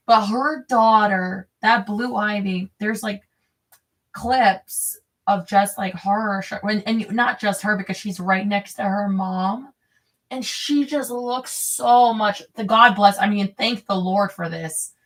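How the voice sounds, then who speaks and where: A woman reads a memoir aloud and keeps wandering off into crude, rambling chatter between passages. Her voice sits a little away from the microphone, so it sounds slightly distant. Her pitch stays in a middle range. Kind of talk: reading a memoir aloud with off-script asides. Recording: voice a bit distant from the mic.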